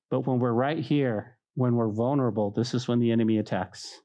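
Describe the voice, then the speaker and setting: A man's voice: medium pitch, fairly quick, highs cut off. A man preaching a sermon as a pastor, telling stories and acting out mocking voices. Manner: animated, acts out mocking voices.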